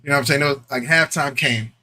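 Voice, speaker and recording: A man co-hosting a podcast, telling animated stories full of slang and laughter in casual chat. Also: medium pitch, quick pace. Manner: animated storyteller, acts out quotes with laughs; slangy, repeats "you know what I'm saying". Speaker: podcast co-host.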